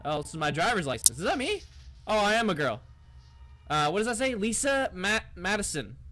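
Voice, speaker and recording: Jumpy high-voiced man playing a horror game. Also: brisk. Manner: jumpy and excitable, swearing, yelling at the game; mutters to himself, reads on-screen text aloud. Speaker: gaming YouTuber. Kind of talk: horror game let's play commentary.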